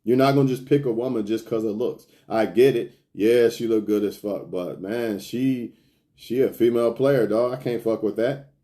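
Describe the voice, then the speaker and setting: A man's voice: on the low side, moderate pace, warm tone. Blunt, profane man lecturing his viewers. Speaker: self-improvement vlogger. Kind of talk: casual preachy monologue to viewers.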